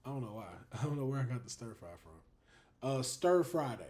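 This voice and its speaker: A man hosting a live stream, talking to his chat in a loose, unscripted way. His voice sits in the middle of the pitch range but leaps up and drops low as he gets excited, breaking into laughter and cursing freely. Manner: animated, laughing, swearing, drawn-out fillers. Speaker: livestream host. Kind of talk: casual livestream chat.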